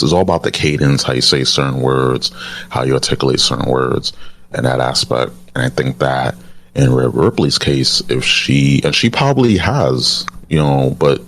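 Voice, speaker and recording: A man with an extremely deep, rumbling voice talks through a point in relaxed podcast chat. He often stumbles and restarts before finding his words. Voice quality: deep, says he sometimes sounds baritone. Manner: halting, restarts often, says cadence is key. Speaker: podcast host.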